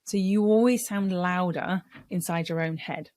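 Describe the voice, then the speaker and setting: A middle-aged woman voice coach giving a lesson on speaking, explaining clearly and measuredly. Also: lowish voice, unhurried, darkish tone.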